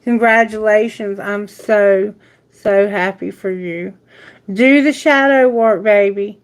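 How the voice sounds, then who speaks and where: A woman's voice: medium pitch, slow. A woman reading tarot on a live stream, chatting casually and affectionately in a rambling way. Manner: affectionate, rambling, baby talk to pets. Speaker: tarot reader.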